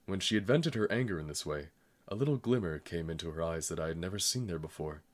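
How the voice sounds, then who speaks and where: A man reading a novel aloud in calm, measured narration. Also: sits low. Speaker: audiobook reader. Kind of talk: scripted narration.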